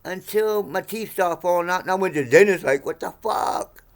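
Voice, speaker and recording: A man in his sixties ranting to camera in a profane, heated monologue, swinging between low mutters and sudden shouts. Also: a little fast. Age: 60s. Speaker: vlogger.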